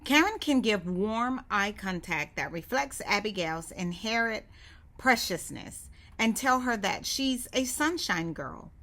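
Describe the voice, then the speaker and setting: A woman giving calm, measured, scripted voiceover narration for a training course. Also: mid-range voice. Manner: calm, measured instructional delivery. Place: studio voiceover.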